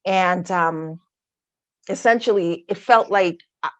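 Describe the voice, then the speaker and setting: A woman with a lowish voice tells her own story in a personal testimony talk, turning now and then to her listeners with asides. The sound is dry and close, as on a video call. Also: slow pace, no echo. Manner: candid storytelling with asides to the audience. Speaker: guest speaker.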